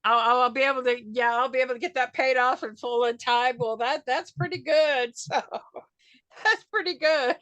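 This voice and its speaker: A woman's voice: high-pitched, normal speed, a bit bright, no room sound. An older woman from Arkansas, chatting folksy and laughing as she tells wrestling stories in an interview. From Arkansas, USA. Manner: chatty, folksy, laughs often, acts out quotes. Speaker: wrestling fan character, guest. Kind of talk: casual storytelling interview.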